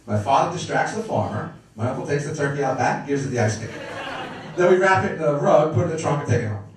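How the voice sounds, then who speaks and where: A man's voice: medium pitch, lively intonation, quick pace, a little hiss or hum. A middle-aged man doing a wisecracking stand-up set, working the crowd. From Brooklyn, New York. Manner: brash, wisecracking, crowd work. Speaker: stand-up comedian. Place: comedy club stage. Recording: echoey club from far off.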